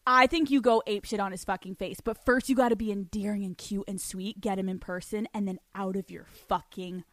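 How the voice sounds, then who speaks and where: A young woman hosts a podcast in a loose, profane, animated way, giving blunt advice and telling stories. Her voice sits at a middle pitch and sounds dry and close, with no room around it. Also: fairly quick, no echo. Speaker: podcast host. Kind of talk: casual advice chat, reading listener letters.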